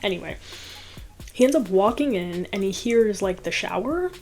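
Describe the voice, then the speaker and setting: A woman's voice: medium pitch, expressive, moderate pace, a little mellow, soft background music. A woman chatting casually as she recaps a movie, laughing often and peppering it with "like.".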